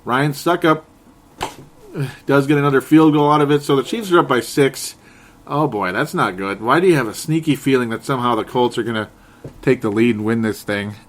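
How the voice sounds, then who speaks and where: Sarcastic, animated man recapping football. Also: mid-range voice, brisk. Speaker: podcast host. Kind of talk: casual sports talk.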